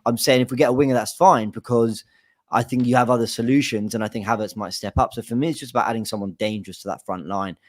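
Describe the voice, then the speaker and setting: A man's voice: medium pitch, fairly even intonation, fast, no echo, clean studio sound. A man co-hosting a fan podcast, thoughtful and explaining at length. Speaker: podcast co-host. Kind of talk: casual football chat.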